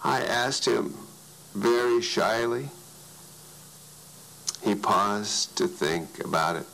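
A man narrating a story in an animated way, his voice swinging widely for emphasis. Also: lowish voice, slow, gravelly, low-quality recording.

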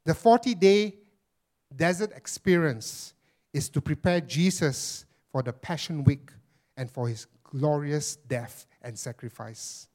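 A man pastor delivering a sermon with a slightly higher-pitched voice. He preaches emphatically, repeating key phrases and addressing the congregation as friends. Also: takes it slowly, a little mellow.

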